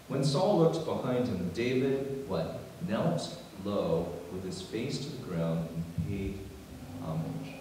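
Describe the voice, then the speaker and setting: A man's voice: lowish voice, lively intonation, measured pace, background noise. A man, a pastor, preaching a sermon in a conversational way, with joking asides to his congregation. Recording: echoey hall from far off.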